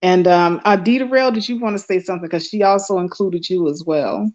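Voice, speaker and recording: A woman's voice: lowish voice, a little fast, a little mellow. A woman hosting a live online chat stream, effusive and full of fillers and restarts. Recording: dull lo-fi stream audio.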